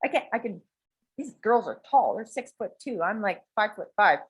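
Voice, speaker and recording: A woman talking in a blunt, animated way, swearing freely as she leads a small group. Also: mid-range voice, normal speed, breathy edge. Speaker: coach and workshop leader. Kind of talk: casual talk to a small group.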